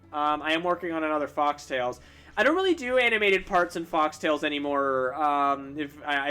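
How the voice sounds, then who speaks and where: Bright-voiced young man chatting on stream. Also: fairly high pitch. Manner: rambling, self-deprecating, with frequent fillers and restarts. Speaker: streamer and artist. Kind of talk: casual chat while drawing on stream.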